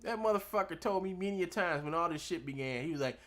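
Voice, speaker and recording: Young male streamer, high bright voice, mocking, laughs and swears a lot. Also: very animated, fast, few pauses. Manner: mimics others in a loud put-on voice. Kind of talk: casual rant.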